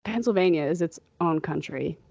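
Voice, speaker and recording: A woman's voice: low voice, gravelly, a little mellow, breathy edge, no echo. Chatty woman with a Chicago accent. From American Midwest. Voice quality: somewhat nasal. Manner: rambling, laughs often, quick asides. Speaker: podcast co-host. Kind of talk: casual chat.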